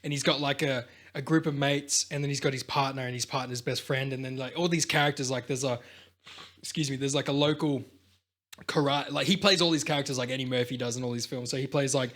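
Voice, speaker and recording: Bright-voiced man telling rambling stories. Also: medium pitch, steady tone, fast talker. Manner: rambling storyteller, swears freely, acts out quotes in big voices. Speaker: podcast co-host. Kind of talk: casual chat.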